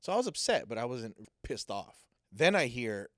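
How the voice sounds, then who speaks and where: A man telling a personal story in a casual, animated way, acting out what people said. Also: mid-range voice, moderate pace, hardly any pauses, no echo, studio quality. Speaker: guest sharing a personal testimony.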